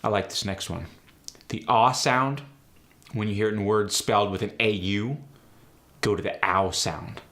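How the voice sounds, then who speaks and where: A man hosting a tutorial as an accent coach, explaining sounds in a brisk, direct way. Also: lowish voice, fairly bright tone. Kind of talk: instructional tutorial.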